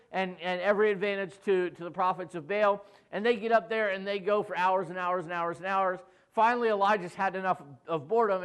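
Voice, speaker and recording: Male pastor with a high voice, casual storyteller who acts out the quotes and jokes with the church. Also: fairly bright tone, clean tone. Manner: jokey, acts out quoted voices with asides to the congregation.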